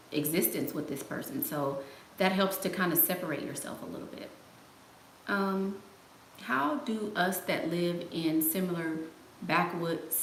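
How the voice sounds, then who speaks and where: Woman, livestream host, sassy, laughing, echoey room, faint background noise. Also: fairly low pitch. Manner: sassy, laughing, playful slang. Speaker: host answering live chat. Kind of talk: casual livestream chat.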